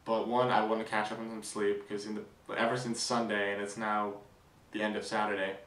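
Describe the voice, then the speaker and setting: A man's voice: fairly low pitch, a little fast, reverberant. Give me a young man chatting through a vlog recap, a bit far from the mic. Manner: rambling, excited, many fillers and restarts. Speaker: vlogger.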